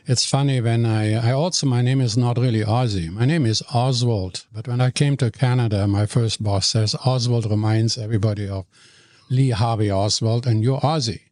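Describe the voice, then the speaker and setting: An older man with a German accent tells stories with animated warmth, joking and poking fun at himself. He sits at a middle pitch. The recording is dry and close, with no room sound. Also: normal speed, no room sound. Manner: animated storyteller, jokey, self-deprecating. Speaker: guest, radio regular. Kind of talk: interview storytelling.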